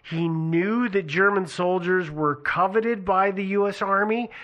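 A man's voice: high-pitched, unhurried, highs cut off. A man hosting a podcast who walks his co-hosts through a history story in a casual chat, with frequent restarts. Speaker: podcast host.

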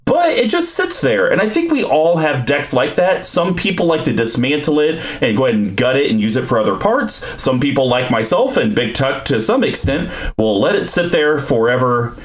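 A man's voice: mid-range voice, moderate pace, few pauses. A man co-hosting a podcast, chatting casually and easygoing. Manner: lively, animated, easygoing. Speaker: podcast co-host. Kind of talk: casual chat.

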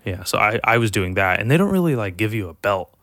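A man with a fairly low voice talks in a loose, meandering way, cursing often and making fun of himself as he explains things. The sound is close and dry, with almost no room around it. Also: big pitch swings, quick pace, a bit bright, dry recording. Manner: rambling, profane, self-deprecating storyteller. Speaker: podcast co-host. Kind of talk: casual podcast chat.

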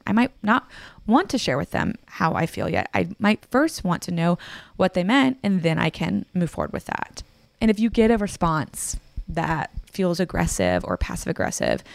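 A woman hosting a podcast, talking casually and calmly as she gently coaches listeners through advice. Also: on the low side, creaky, no room sound. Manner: calm, conversational, gently coaching. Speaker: podcast host, therapist. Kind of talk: solo advice talk answering listener questions.

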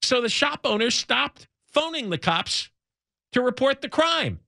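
A man's voice: very high voice, big pitch swings, measured pace, vocal fry, sharp tone, no echo, studio quality. A middle-aged male talk radio host delivering an indignant, sarcastic monologue with heavy emphasis.

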